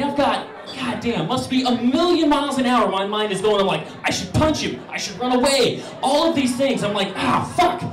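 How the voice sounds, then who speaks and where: High-voiced man doing profane stand-up. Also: roomy sound, distant mic. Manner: animated, profane, acts out voices. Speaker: stand-up comedian. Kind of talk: stand-up storytelling.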